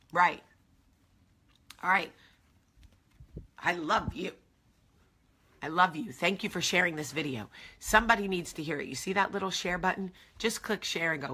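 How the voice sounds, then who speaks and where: A woman's voice: lowish voice, animated, normal speed, pushed and bright, breathy edge. A woman hosting a motivational coffee-talk livestream, emphatic and affectionate, repeating her key phrases to viewers. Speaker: live video host.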